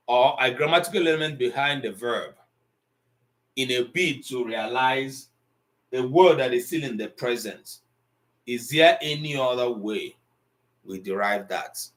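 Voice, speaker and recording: A man teaching an online language class, pausing often with ums as he explains tone. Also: mid-range voice, pushed and bright. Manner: slow, deliberate, with frequent ums and pauses.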